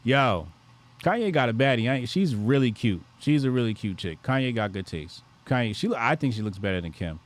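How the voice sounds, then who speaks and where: A man's voice: mid-range voice, animated, a little fast. A man hosting a livestream, joking crudely and reacting to his chat. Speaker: livestream host.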